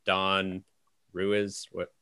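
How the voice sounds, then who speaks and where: A man hosts a podcast, agreeing warmly with his guest and building his thoughts in long, run-on phrases. His voice is very deep, and the sound is dry with no room echo. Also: completely flat delivery, extremely slow, clean tone. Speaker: podcast host. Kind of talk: casual interview chat.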